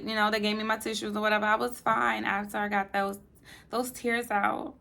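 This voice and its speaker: Emotional woman with a gravelly voice. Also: medium pitch, little pitch movement, a little fast. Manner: emotional, swings between soft near-whispers and emphatic bursts. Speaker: vlogger. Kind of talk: personal update talking to camera.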